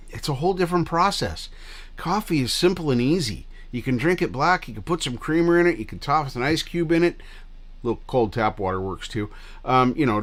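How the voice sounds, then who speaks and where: A man's voice: fairly high pitch, a bit bright. Rambling, cussing livestream host, a man. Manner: rambling and scattered, loose with profanity. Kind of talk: casual rambling chat with viewers.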